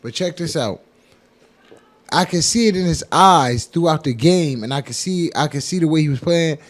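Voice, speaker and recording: A man's voice: a little high, normal speed. A man co-hosting a comedy radio show, chatting loosely and crudely, often repeating words. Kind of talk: casual banter.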